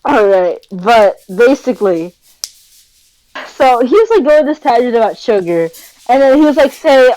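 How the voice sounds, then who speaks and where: High-voiced young woman rambling casually. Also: sing-song, normal speed, dark tone, no echo, low-quality recording. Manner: rambling storytelling with lots of fillers and slangy asides. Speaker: podcast co-host. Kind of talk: casual chat.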